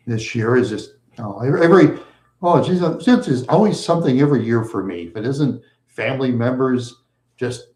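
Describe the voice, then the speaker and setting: A man's voice: mid-range voice, darkish tone. A middle-aged man rambling on a live stream, mumbling and repeating himself in a self-pitying way. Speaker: livestream host. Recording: echoey room.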